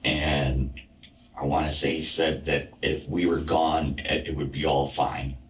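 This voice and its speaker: A man in a documentary interview, recounting an attack in a halting way with many fillers and restarts. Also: a bass voice, level tone, a little hiss or hum. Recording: roomy, distant, dull clip.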